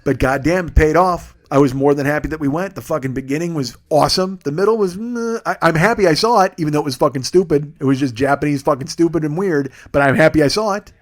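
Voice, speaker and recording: Podcast host in his forties, animated and sarcastic profane storyteller, slightly high voice. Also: fast, few pauses. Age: 40s.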